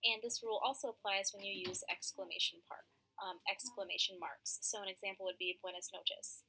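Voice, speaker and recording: Young woman presenter with a sharp, bright voice, steady mid pitch, reading class slides aloud. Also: brisk, a little hiss or hum, low-quality recording. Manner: reads from slides with frequent ums.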